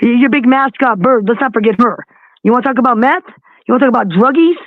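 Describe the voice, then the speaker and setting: A woman's voice: fairly high pitch, fast talker, no echo. Scornful woman ranting over a tinny line. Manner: mocking, scornful, swears constantly. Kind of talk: heated livestream rant.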